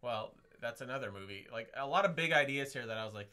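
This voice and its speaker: A man's voice: mid-range voice, animated, fast talker, sharp tone. A man co-hosting a casual film review chat, asking incredulous, exasperated questions about the plot. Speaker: podcast co-host.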